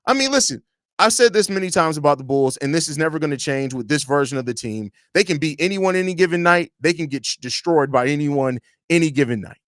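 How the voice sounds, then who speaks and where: A man with a Chicago accent hosts a live podcast stream, reading chat comments aloud and ranting with blunt, profane energy. His voice sits high for a man, and the sound is dry and close, with no room around it. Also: lively intonation, quick pace, no echo.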